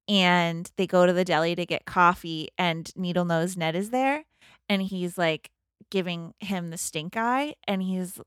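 Recounting a film's plot for a comedy podcast, this woman speaks in a fairly low, clean voice, acting out quotes from the characters and peppering her casual retelling with "like." She's a lively co-host, recorded in a clean studio with no echo.

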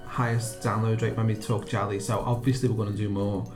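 Chatty, lower-voiced male podcast host. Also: little pitch movement, brisk, roomy sound, over music. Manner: chatty, laughing, self-deprecating. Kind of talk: casual podcast chat.

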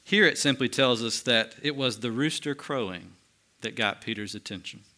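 Speaking straight to his congregation, this U.S. pastor's sermon alternates lively, emphatic sections with quiet, slower, solemn ones. His mid-range voice has a bright, forceful tone from the pulpit.

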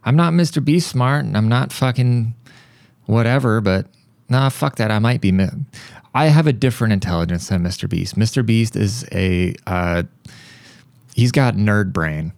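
A man hosting a podcast, telling a rambling story in a casual, profane, animated way. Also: on the low side, moderate pace, creaky, no echo. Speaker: podcast host.

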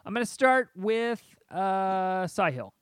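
A man's voice: sits high, expressive, slow, smooth, no room sound, studio quality. A man hosting a casual podcast game among friends, laughing often as he sets up the rounds. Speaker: podcast host running a movie game.

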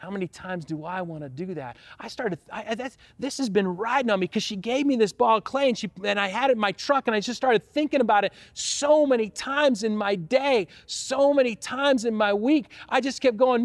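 A pastor telling a personal story in a sermon, lively at times and quiet and prayerful at others. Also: male voice, high-pitched, brisk, hardly any pauses, no room sound.

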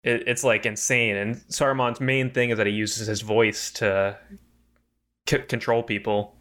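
Bright-voiced man talking fast. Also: fairly low pitch, flat delivery. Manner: enthusiastic, quick, explains at length. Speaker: podcast co-host. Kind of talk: casual chat.

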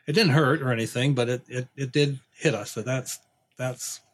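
As a guest storyteller, a man with a mid-range voice tells a long hunting anecdote at normal speed. It's casual, folksy, and rambling, with frequent restarts.

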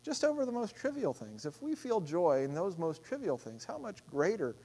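A man delivers a sermon in a notably high voice. He speaks conversationally, with restarts and asides, and swings between loud outbursts and soft, hushed lines. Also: huge pitch swings, moderate pace. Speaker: pastor.

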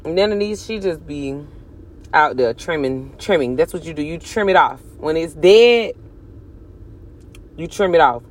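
A young adult woman chatting casually to her viewers, swinging from loud bursts to hushed asides as she curses and jokes. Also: low voice, animated, a little slow, long pauses. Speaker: vlogger. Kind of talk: casual chat to camera.

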